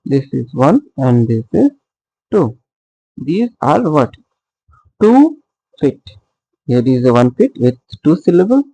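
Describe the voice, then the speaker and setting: A man's voice: medium pitch, warm tone, dry recording, poor audio. A man teaching poetic meter in a recorded lecture, patiently repeating points and checking in with "okay". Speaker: literature teacher.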